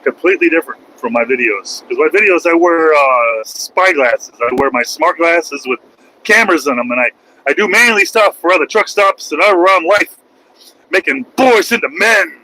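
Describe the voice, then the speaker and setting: A middle-aged man streams from his truck cab as he drives, rambling and making jokes at his own expense. His voice is a little high and bright and forceful. A faint hum of road and engine noise runs behind him. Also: expressive, moderate pace, rough recording. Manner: rambling, joking, self-mocking. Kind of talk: casual live-stream chat while driving.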